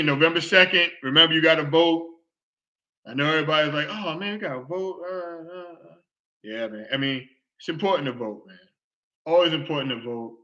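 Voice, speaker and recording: A man's voice: bright, forceful tone, dull audio. A man hosting his own live online show, talking loosely and repeating himself as he rants to viewers. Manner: loose, repetitive, exclaiming, acts out scenes in a falsetto shriek. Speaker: host of a live online sports and culture show. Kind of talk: casual rant to a live audience.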